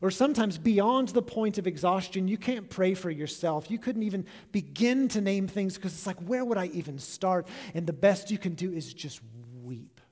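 A pastor preaching a sermon in a church, earnest and reflective, letting his voice drop soft at the ends of phrases. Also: high-pitched, animated, moderate pace, hardly any pauses. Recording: long echo of a large hall.

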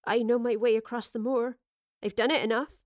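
A woman's voice: a little high, steady tone, brisk, no echo, studio quality, lightly acted. A woman voicing a timid, uneasy young survivor who talks in plain colloquial grammar. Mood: anxious.

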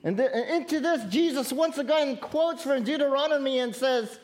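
A woman's voice: high-pitched, normal speed, hardly any pauses, darkish tone. A woman pastor giving a sermon in an earnest, conversational way, calling out to her congregation. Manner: earnest, conversational preaching with direct appeals to the congregation.

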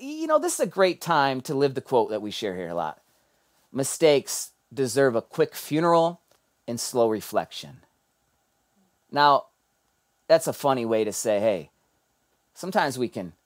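A male pastor delivering a sermon in an animated storytelling way. His voice drops low and quiet for reflective points, then climbs high and loud when the story gets heated.

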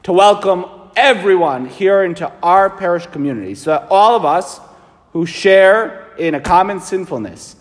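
A man, a priest, preaching a sermon in an animated, emphatic way, asking his listeners rhetorical questions. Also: sits high, normal speed. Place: large church. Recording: long church reverb.

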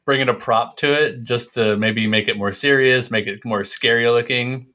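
A man's voice: mid-range voice, steady tone, normal speed, pushed and bright. A man co-hosting a casual movie podcast, laughing often and quoting lines. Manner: laughs often, quotes lines in put-on voices. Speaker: podcast co-host.

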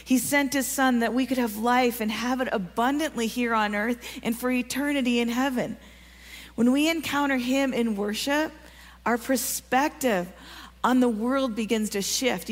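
Woman preacher, fairly high voice, earnest, encouraging, questions to the congregation, long hall reverb. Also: moderate pace. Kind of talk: sermon. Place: church sanctuary.

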